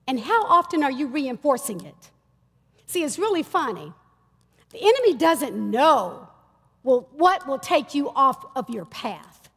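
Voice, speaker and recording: Animated woman preaching in a reverberant hall. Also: high-pitched, a little slow. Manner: lively, conversational preaching with audience call-outs. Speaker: minister. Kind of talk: sermon. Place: church stage.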